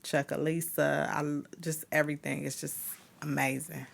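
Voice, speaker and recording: A woman with a Southern US accent co-hosting a casual podcast, enthusiastic and quick to agree. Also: low voice, flat delivery, vocal fry, a little hiss or hum. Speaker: podcast co-host.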